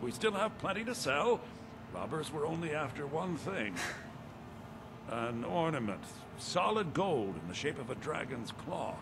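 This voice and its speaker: An actor playing a flustered middle-aged village shopkeeper in a game, stammering and apologetic. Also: male voice, fairly high pitch, sing-song, unhurried, background noise. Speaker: game character. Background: loud game music.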